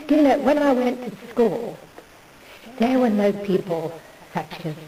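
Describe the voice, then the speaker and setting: A woman's voice: fairly low pitch, dark tone, distant mic, poor audio. A woman in a meandering, digressive monologue who loses her thread. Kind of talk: rambling monologue.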